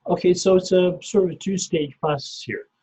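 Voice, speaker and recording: A middle-aged man, a podcast guest, explaining things step by step in a measured way and often repeating his first word. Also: high-pitched, warm tone, slightly rough. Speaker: podcast guest, SEO researcher. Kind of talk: casual explanatory interview talk. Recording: muffled lo-fi podcast audio.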